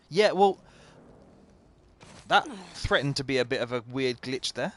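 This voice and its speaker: A man's voice: mid-range voice, huge pitch swings, measured pace, creaky. A man commentating live as he plays a video game, chatty and self-mocking, often talking to the game itself. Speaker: game streamer.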